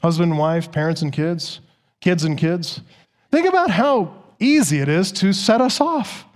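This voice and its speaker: A pastor delivering a sermon to his congregation. The man's voice sits high for a man, and he leans hard on key words, repeating them for stress. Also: expressive, a little slow.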